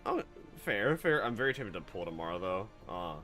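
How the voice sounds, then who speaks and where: A man's voice: fairly low pitch, moderate pace, soft background music. A man streaming a video game, reading the story narration aloud and reacting with sarcastic jokes and frequent laughter. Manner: animated, joking, sarcastic, laughs often. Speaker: VTuber streamer. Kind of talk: let's-play commentary and reading narration aloud.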